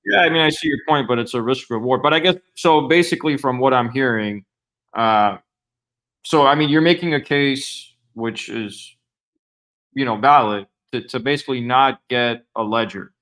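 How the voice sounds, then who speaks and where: Man, voice-chat caller, questioning, hedging, lots of fillers, ordinary pitch. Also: moderate pace, a bit bright. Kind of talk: casual voice-chat discussion.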